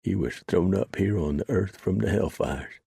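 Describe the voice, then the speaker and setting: A man's voice: deep voice, moderate pace, creaky, mellow, husky, no echo, voice pushed up, heavily acted. A man voicing a spiteful, wounded outlaw who sneers and pleads in a raised, whiny voice. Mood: sneering.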